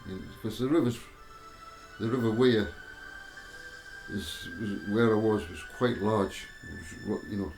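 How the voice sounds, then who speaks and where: A man telling a personal spiritual testimony, halting and repeating himself as he goes. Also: on the low side, vocal fry, a little mellow. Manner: halting, repeats words and restarts often. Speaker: storyteller giving a spiritual testimony. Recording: roomy echo with faint music behind.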